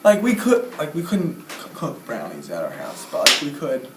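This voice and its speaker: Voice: medium pitch, wildly swooping pitch, normal speed, fairly bright tone. A young adult co-host telling a story in casual chat, full of "like" and "okay" fillers. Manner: chatty, frequent "like" and "okay" fillers. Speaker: podcast co-host. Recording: echoey room with faint hiss.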